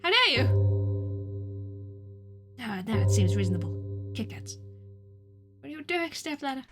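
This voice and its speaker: A woman streamer chatting casually over a game, self-mocking and prone to sudden loud shouting. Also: sits high, sing-song, normal speed, music in the background. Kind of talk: casual gameplay commentary. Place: home.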